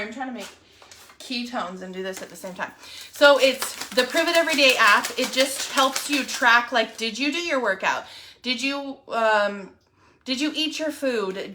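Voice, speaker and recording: A woman's voice: a little high, noisy background. A young adult woman chatting casually on a live video, gushing and rambling with lots of fillers. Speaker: wellness app promoter.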